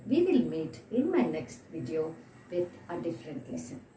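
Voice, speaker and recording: A woman's voice: fairly low pitch, very animated, normal speed, dark tone, a little hiss or hum. A woman teaching an online English grammar lesson, repeating example sentences and checking in with her students. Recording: echoey room, mic at a distance.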